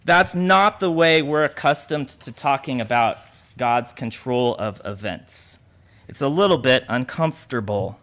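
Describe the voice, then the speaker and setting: A man preaching a sermon, lively and animated, acting out the voices of the people he quotes. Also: mid-range voice, measured pace. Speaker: pastor.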